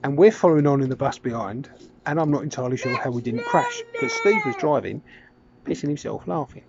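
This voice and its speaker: A man's voice: mid-range voice, huge pitch swings, fairly quick, gravelly. A man casually telling a funny anecdote, chatty and wandering. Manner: chatty, wandering, self-correcting. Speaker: storyteller. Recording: dull lo-fi recording with background noise.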